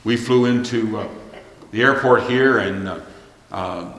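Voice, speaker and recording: Preacher in an echoing hall. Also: male voice, lowish voice, unhurried, fairly bright tone. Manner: storytelling, drops to a near whisper at times. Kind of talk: sermon. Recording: echoey hall with long reverb.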